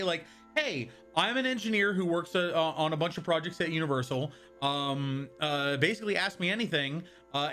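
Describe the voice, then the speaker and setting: A young male streamer with a bright, slightly high voice, talking in a loose and rambling way as he reads his chat and answers it. Faint music plays under his voice. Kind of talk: casual live-stream chat.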